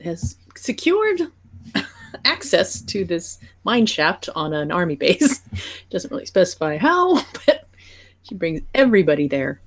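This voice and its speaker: Husky-voiced woman, amused. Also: fairly low pitch, huge pitch swings, measured pace. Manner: amused, giggly recapping. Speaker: podcast co-host. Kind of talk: casual chat.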